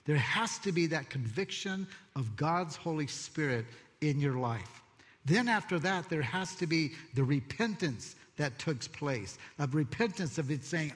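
A man giving a sermon testimony, telling his story and acting out the quoted lines, moving from hushed reflection to excited bursts. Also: a little high, unhurried. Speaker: pastor. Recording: long hall reverb.

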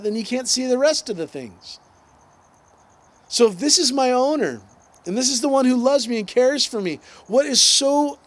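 A man, preaching a conversational sermon with asides and acted-out quotes. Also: very high voice. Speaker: pastor.

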